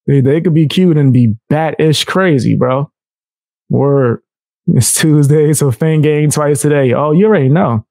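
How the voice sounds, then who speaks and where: A man's voice: fairly high pitch, measured pace, dark tone, dry recording, studio quality. Slangy laid-back male streamer. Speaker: streamer reacting to clips. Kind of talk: casual reaction stream chat.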